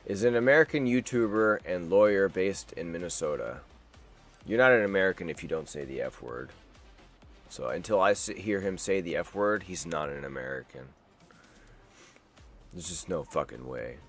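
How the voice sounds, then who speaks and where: A man's voice: low-pitched, expressive, moderate pace, long pauses, faint music behind. A man hosting a live stream, reacting to news in a rambling, wisecracking way and swearing freely. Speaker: streamer host.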